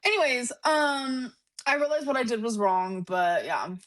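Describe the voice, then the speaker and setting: A woman's voice: fairly high pitch, moderate pace, fairly bright tone. A woman co-hosting a livestream, talking in a casual, offhand way. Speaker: livestream co-host.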